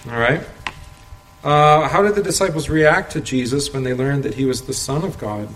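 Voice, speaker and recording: Man at mid pitch leading a casual Bible study, chuckles often, recorded in a roomy space. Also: moderate pace, a bit bright. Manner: conversational, asks rhetorical questions, chuckles often. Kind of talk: informal Bible study teaching. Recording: roomy echo, faint background noise.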